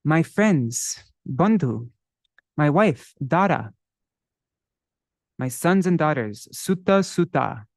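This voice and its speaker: A man leads a class on a devotional song, taking it slowly and explaining each word. He pauses to check a dictionary and chants scripture verses in a measured way. His voice is recorded close and dry. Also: fairly high pitch, animated, no echo. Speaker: teacher of devotional song texts.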